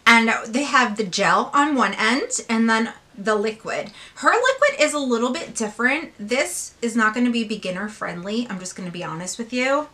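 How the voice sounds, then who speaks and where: A woman beauty vlogger unboxing and swatching makeup, gushing and excitable, now and then dropping to a hushed whisper. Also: on the high side, moderate pace, hardly any pauses.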